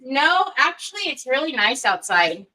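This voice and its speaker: A woman's voice: sits high, very animated, unhurried, bright, forceful tone, poor audio. A woman hosting a casual craft livestream, chatting to viewers by name, laughing often and teasing herself. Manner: self-deprecating and giggly.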